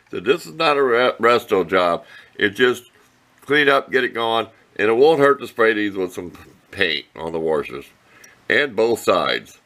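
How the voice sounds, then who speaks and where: A man's voice: fairly low pitch, pushed and bright. A man giving a rambling, folksy engine repair demonstration in his workshop, often correcting himself. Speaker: small engine repair vlogger. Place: workshop shed.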